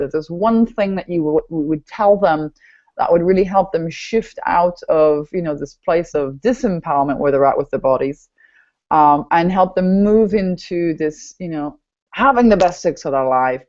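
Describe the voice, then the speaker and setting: Lively, emphatic woman podcast host. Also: lowish voice. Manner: animated, emphatic, repeats herself. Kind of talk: enthusiastic interview chat. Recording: dull lo-fi audio.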